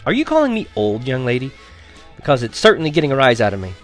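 A man's voice: mid-range voice, huge pitch swings, quick pace, faint music behind, pitched above the performer's own voice. A man narrating a story voices a fussy, indignant mother scolding her teenage daughter. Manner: indignant, huffy. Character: shrill fussy middle-aged mother, scolding.

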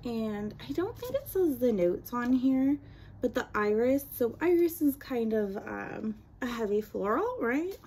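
A woman's voice: on the high side, sing-song, unhurried, darkish tone, a little hiss or hum. A young adult woman vlogger chatting casually through a product unboxing and review, rambling with self-deprecating asides.

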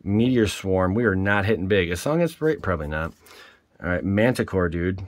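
A man hosting his own channel, giving casual, excitable commentary while opening card packs and exclaiming at each pull. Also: low voice, brisk, no echo. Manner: peppers speech with mild swears.

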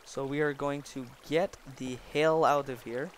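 A young man giving excitable, rambling commentary while playing a block-building game and joking with the creatures he meets. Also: mid-range voice, unhurried, a little hiss or hum. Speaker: gaming video creator. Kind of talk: Minecraft let's play commentary.

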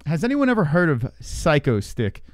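A man's voice: a little high, huge pitch swings, normal speed, dry recording, clean studio sound. Joking man hosting a fight stream. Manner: joking, crude, rambling. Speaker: host. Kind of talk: casual live-stream fight commentary.

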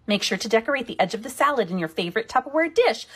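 A woman's voice: on the high side, animated, very fast, a bit bright, slightly rough, voice pushed up. A woman putting on a comic Minnesota accent, playing an exaggerated church-potluck mom who gives chirpy, homespun cooking instructions.

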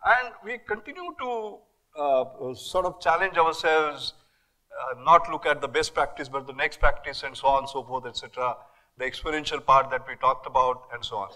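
An older man with an Indian English accent giving an academic lecture, emphatic and animated, with many rhetorical questions and fillers. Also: medium pitch, normal speed, poor audio. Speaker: guest lecturer. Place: lecture hall.

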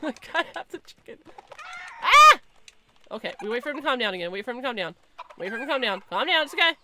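A young woman streaming a game, chatting casually, giggling and calling out excitedly to the animals in the game. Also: high-pitched, fast, long pauses, noisy background. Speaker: gaming streamer. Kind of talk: casual gameplay commentary.

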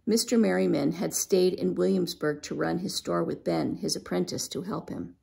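Gravelly woman reading a storybook. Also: fairly low pitch, normal speed, a little mellow. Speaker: storybook reader. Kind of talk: reading a children's book aloud.

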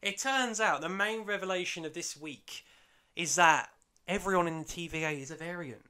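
A man hosting a podcast in loose, animated chat, with a bright, forceful voice that sits a little high for a man. He tumbles through a recap and slips into the characters as he goes. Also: moderate pace. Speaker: podcast host.

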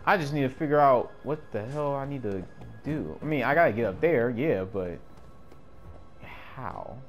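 A man giving casual gameplay commentary in slangy speech, swinging between yelling and mumbling. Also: lowish voice. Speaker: gamer. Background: game music.

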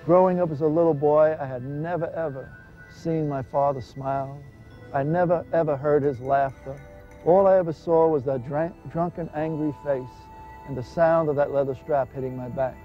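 This man's voice is on the high side and steady, at normal speed. A former gangster now a minister, he shares an earnest testimony full of dramatic voiced dialogue, captured in dull lo-fi audio with faint music behind him.

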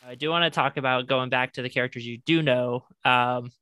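A host interviewing a guest in a relaxed, casual way, with frequent filler ums. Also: mid-range voice, fairly quick, background noise.

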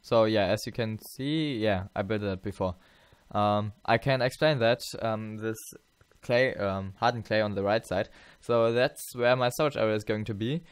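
A man's voice: lowish voice, clear, resonant tone, no room sound. Tired man rambling over gameplay. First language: German. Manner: rambling, halting, many fillers and self-corrections. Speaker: gameplay channel host. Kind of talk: let's play commentary.

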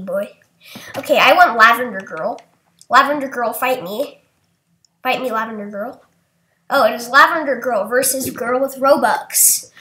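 A young woman talks through an online game in a high, bright voice, taking her time between calls. She gets excitable and breaks into shrieks when she wins. The sound is roomy and echoey, with faint background noise. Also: a little slow. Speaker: gaming video creator. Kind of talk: casual game commentary.

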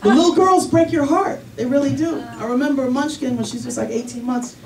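A man's voice: extremely high pitch, a little fast. A man doing a chatty stand-up comedy set about parenting, acting out voices. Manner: animated, chatty, acts out voices. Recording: roomy club, distant mic, crowd noise.

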